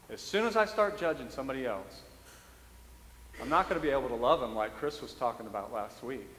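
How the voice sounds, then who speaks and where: A man's voice: mid-range voice, lively intonation, brisk, fairly bright tone, a little hiss or hum. A male priest giving a sermon, telling a funny story about himself and chuckling often. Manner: humorous storytelling, self-mocking, chuckles often. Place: church sanctuary. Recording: roomy echoey church hall.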